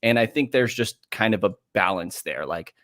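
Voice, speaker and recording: A man's voice: on the low side, expressive, normal speed, fairly bright tone, no echo, studio quality. A man on a sports radio show, talking through the game in a casual, analytical way. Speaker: podcast host guest.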